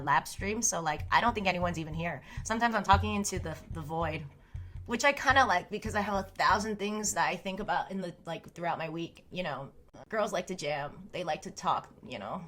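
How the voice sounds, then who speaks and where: A woman's voice: medium pitch, fairly bright tone, slight background noise. A woman in her thirties chatting casually on a live stream, rambling and oversharing, full of "like" fillers and the odd swear.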